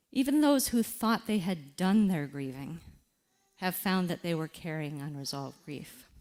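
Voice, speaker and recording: A woman giving a motivational talk about grief, speaking with slow, deliberate emphasis and reflective pauses. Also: mid-range voice.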